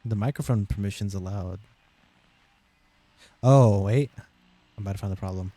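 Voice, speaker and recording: A man's voice: fairly low pitch, normal speed, warm tone, dry recording. A young American man chatting casually with friends on a stream, joking and teasing them and laughing often.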